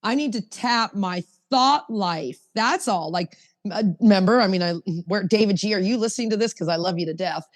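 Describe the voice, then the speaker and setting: A woman's voice: medium pitch, moderate pace, in a large hall. A woman hosting a recovery podcast, speaking emphatically and reading passages aloud from a book. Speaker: podcast host.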